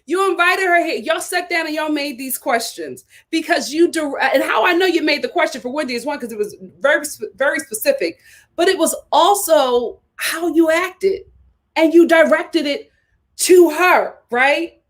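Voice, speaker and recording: A woman's voice: sits high, normal speed. Fired-up woman recapping reality TV. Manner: animated, indignant, rhetorical questions. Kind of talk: live reality show review.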